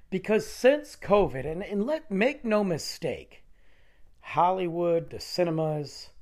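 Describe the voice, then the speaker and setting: A man hosting a solo podcast, talking in a rambling, animated way while losing his voice, which sounds nasal. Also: a little high. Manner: rambling, animated, restarting sentences. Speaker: podcast host. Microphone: close studio microphone.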